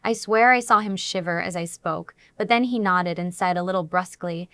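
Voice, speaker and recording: A woman narrating a dramatic first-person story in an even storytelling manner. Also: lowish voice, normal speed, clear, resonant tone, no echo. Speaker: audiobook narrator.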